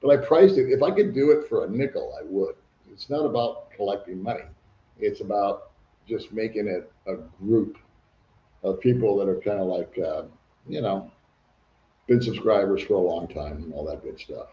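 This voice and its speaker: A man's voice: on the low side, normal speed. An older man hosting a casual livestream, chatting and reading viewer comments aloud. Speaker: livestream host. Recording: echoey room, dull lo-fi sound.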